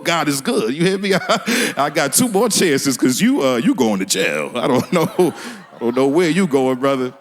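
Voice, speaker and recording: A man's voice: fairly high pitch, very animated, moderate pace. A man from doing a stand-up comedy set on a small theater stage, laughing at his own jokes and talking in loose street slang.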